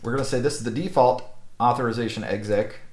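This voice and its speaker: Male instructor, relaxed tutorial delivery with lots of "okay?" checks, roomy echo. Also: mid-range voice, quick pace. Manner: casual, with frequent "okay?" and "right?" checks. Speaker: network instructor. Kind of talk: screen-recorded technical tutorial.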